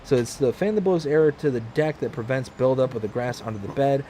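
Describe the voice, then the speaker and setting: A man with a medium-pitched, mellow voice talks a little fast while hosting a casual gaming livestream from a mostly packed-up room at home. He reads viewer comments aloud in a friendly, upbeat way, with slight background noise.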